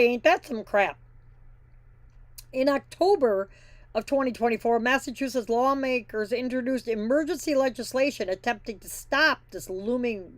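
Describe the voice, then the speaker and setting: A woman's voice: on the high side, dry recording. A woman hosting a trucking news show, reading stories and breaking off for blunt, opinionated asides in plain folksy talk. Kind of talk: casual news reading with commentary.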